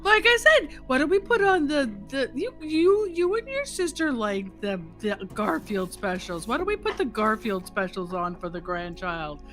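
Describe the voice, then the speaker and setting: A woman's voice: a little high, animated, moderate pace, few pauses, soft background music. A woman chatting casually on a gaming stream, playful and teasing.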